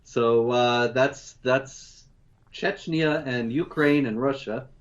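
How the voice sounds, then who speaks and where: Measured man with a dull, lo-fi sound. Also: medium pitch. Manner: measured, steady, with fillers. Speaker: co-host. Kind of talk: news rundown commentary.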